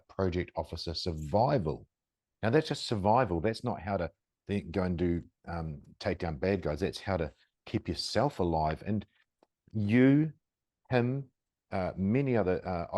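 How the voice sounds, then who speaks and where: A man's voice: sits low, a little mellow, dry recording, clean studio sound. A man hosting a podcast interview, talking in a conversational, rambling way and praising his guest. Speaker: podcast host. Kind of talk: casual interview talk.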